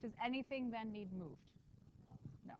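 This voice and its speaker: A woman math teacher lecturing a classroom, lively and quick with asides to her students. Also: fairly high pitch, dull audio, a little hiss or hum.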